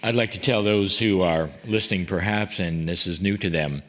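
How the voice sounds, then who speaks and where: Male stream host, very low voice, earnest and a little halting. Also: fairly bright tone. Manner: earnest, with hesitant restarts. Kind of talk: livestream talk.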